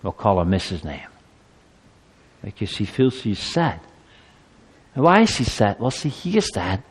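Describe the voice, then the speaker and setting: A man's voice: on the low side, big pitch swings, unhurried, husky, long reverb tail. A man giving a children's sermon, telling a story with animation and asking the children questions. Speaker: preacher.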